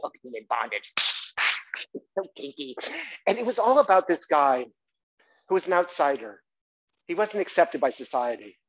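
A man telling a story on a theatre stage in a lively, chatty manner, often turning to the audience with quick asides. His voice is a little high for a man. The live recording has a slightly muffled sound. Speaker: solo stage performer and storyteller. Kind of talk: one-man stage monologue.

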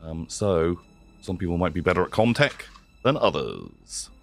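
A man's voice: low-pitched, sing-song, moderate pace, vocal fry, soft background music. A man narrating as game master in a hesitant way with many fillers.

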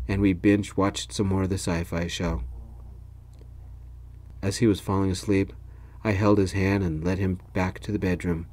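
A man narrating a story in the first person, in a gentle, soft-spoken ASMR style. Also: low voice, level tone, normal speed.

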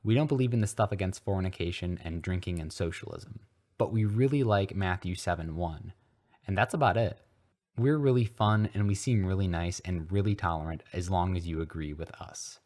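A man's voice: low voice, normal speed, darkish tone, natural voice. A man voicing a drowsy, self-righteous hippie girl who talks casually. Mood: drowsy smug.

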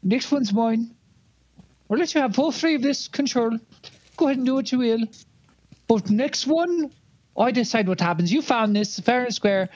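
A woman's voice: on the high side, no room sound. A woman playing a tabletop game, joking and swearing. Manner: loud, profane, joking. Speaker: player. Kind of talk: casual tabletop game chat. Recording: dull, dry mic.

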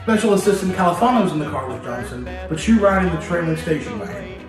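Male history host, playful storyteller, slightly high voice, roomy distant sound, music under. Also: fast talker. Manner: lively, addresses listener directly, playful. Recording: very echoey room, distant mic, music behind.

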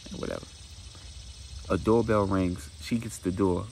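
Storyteller: man, gravelly low voice, animated retelling with sound effects. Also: normal speed, slight background noise, rough recording. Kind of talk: casual spoken storytelling.

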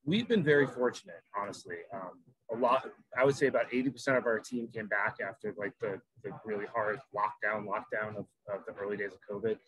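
A man working at a restaurant, answering interview questions in an even, matter-of-fact way. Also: lowish voice, fairly quick, breathy edge, rough recording.

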